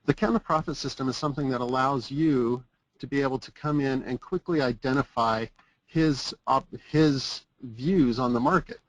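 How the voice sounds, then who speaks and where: A man's voice: mid-range voice, normal speed, no room sound, low-quality recording. Man hosting a webinar, many fillers. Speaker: webinar host. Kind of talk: product presentation.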